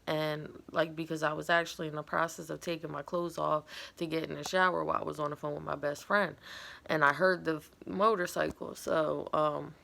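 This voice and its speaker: Woman, lowish voice, gravelly, casual rambling storytelling, candid. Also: bright, forceful tone. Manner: candid, rambling, filler-heavy retelling. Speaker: vlogger.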